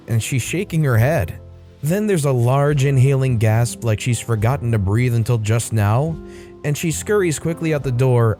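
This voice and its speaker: A man's voice: medium pitch, mellow. A man narrating online stories aloud in a wry, conversational way. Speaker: storytime narrator.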